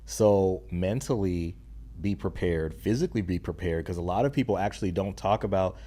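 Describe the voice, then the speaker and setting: A man's voice: low voice, normal speed, mellow, a little hiss or hum. A young adult man speaking as a podcast guest in casual conversation, earnest and emphatic with a slangy way of talking. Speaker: podcast guest, stay-at-home dad and content creator.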